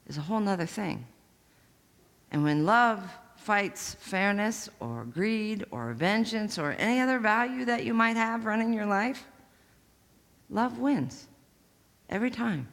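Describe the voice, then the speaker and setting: A woman's voice: medium pitch, fairly bright tone. A woman pastor delivering a conversational, storytelling sermon to her congregation. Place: church sanctuary. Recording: long church-hall reverb.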